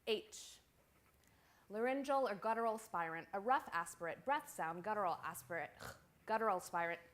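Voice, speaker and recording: A woman poet reads her work aloud at a small live venue. Her delivery is measured and incantatory, setting out phrase after phrase like a chanted list, in a voice of middling pitch. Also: lively intonation, very noisy. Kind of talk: poetry reading.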